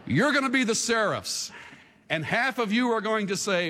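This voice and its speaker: In a large hall, a high-pitched male pastor preaches a sermon at normal speed, expressive as he swings between hushed asides and shouts. He leads the congregation in call-and-response.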